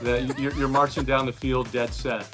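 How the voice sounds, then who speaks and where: A middle-aged man, a former ballplayer, guesting on a casual podcast chat, speaking earnestly and warmly and often restarting his sentences. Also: medium pitch, flat delivery, moderate pace, music in the background. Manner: earnest and warm-hearted, with frequent restarts. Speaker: guest, former baseball player.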